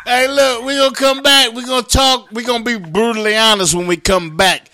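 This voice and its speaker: High, bright man with excitable disbelief. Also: a little fast, no echo, clean studio sound. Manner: incredulous, excitable reactions. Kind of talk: casual comedic chat.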